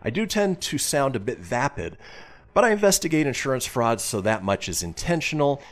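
A man's voice: mid-range voice, big pitch swings, a little fast. A male radio host chatting casually and reading listener messages aloud with a jokey manner.

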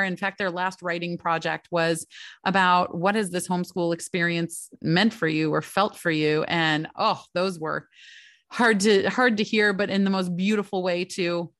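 A middle-aged woman with a fairly low, fairly bright voice speaks casually to the camera, reflecting on her years as a homeschooling mom. She's chatty, heartfelt and openly emotional, often tossing in "right?" and "you know." The recording is dry and clean, with a studio sound.

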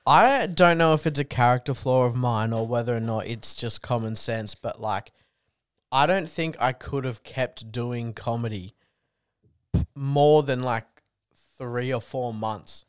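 A man's voice: mid-range voice, unhurried, long pauses, clear, resonant tone, dry recording, studio quality. A young man, a comedian guest, chatting in a laid-back way, full of "like" and "dude". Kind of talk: casual chat.

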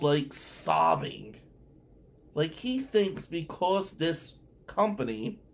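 A middle-aged man hosting a radio show, telling a story casually, chatty and full of fillers. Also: a little high.

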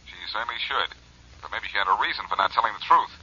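A man's voice: fairly low pitch, fast talker, bright, forceful tone, slightly rough, full character voice. An actor playing a cool, wisecracking male detective in a 1940s radio drama, talking in a dry, clipped way. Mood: wry. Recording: dull old radio recording.

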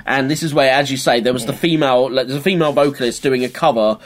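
A man's voice: medium pitch, fast talker. A man co-hosting a podcast, recapping a TV episode in casual chat and acting out the scenes. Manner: animated storytelling, acts out scenes. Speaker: podcast co-host.

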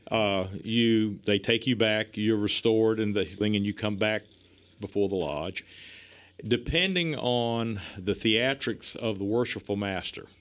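A middle-aged man telling stories in a casual chat, animated and chuckling, acting out the lines he quotes. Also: on the low side, unhurried.

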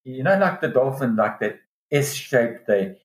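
A man telling a long diving story in a casual interview, lively and excited when he quotes others. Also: measured pace. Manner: animated, pitch jumps when quoting others. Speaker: dive guide telling a story. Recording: roomy echo.

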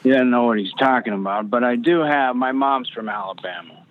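A man's voice: mid-range voice, a little fast. A male actor telling loose, rambling stories in a casual interview, full of restarts and the odd swear word. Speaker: actor guest. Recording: phone-line quality audio.

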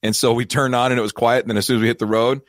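A man hosting a financial advice show, telling a self-deprecating story in a lively, casual way. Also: mid-range voice, racing, no room sound, clean studio sound. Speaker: financial advisor and show host.

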